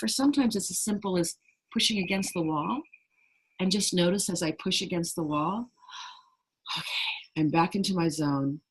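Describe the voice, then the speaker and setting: A woman's voice: mid-range voice, breathy edge, rough recording. A middle-aged woman, a trauma resilience trainer, explaining earnestly in an interview and acting out little quoted voices. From United States.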